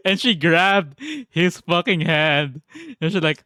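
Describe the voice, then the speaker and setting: Vlogger man, slow relaxed storytelling, dry close sound, quick to laugh. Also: sits high, no echo. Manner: laughs often, swears, animated. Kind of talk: casual travel storytelling.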